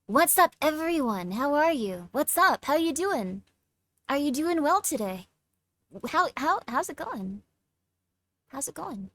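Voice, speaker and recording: A woman's voice: high voice, very animated, a little slow, fairly bright tone, no room sound. Chatty young woman streamer, dry sound. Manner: chatty, reads chat aloud, stumbles over words. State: tired. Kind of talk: casual livestream chat.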